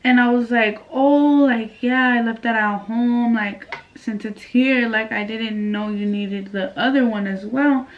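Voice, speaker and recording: A woman's voice: a little high, fairly even intonation, measured pace, few pauses, dull audio, slight background noise. A young woman from California telling a casual storytime, chatty and swearing freely as she acts out what people said. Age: young adult. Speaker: vlogger.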